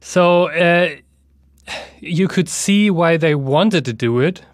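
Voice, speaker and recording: German-accented man explaining calmly. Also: fairly high pitch, slow, no echo, clean studio sound. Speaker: guest editor. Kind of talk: podcast interview.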